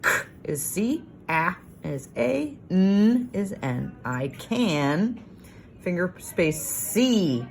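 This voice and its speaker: A woman teacher recording a homework lesson for young children, sounding out words slowly and praising often. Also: on the low side, sing-song, darkish tone, faint music behind. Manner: slow, sing-song sounding out of letters and words; encouraging, praising.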